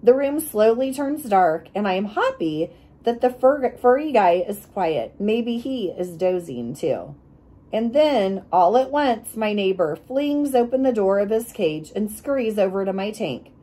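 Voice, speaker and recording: A woman reading a children's chapter book aloud, expressive and acting out the sound effects. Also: medium pitch, a little slow. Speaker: reader.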